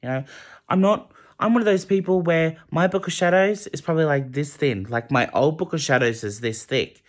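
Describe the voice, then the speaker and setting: A young man vlogging a late-night rambling monologue, emotional and halting, often restarting his sentences. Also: a little high. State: emotional, close to tears.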